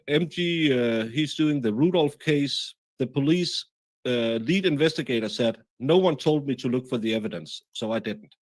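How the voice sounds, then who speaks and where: A man hosts a casual livestream in a halting way, full of fillers as he reads out viewer comments. His pitch sits in the middle for a man. The recording is dry and close. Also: no room sound. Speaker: livestream host.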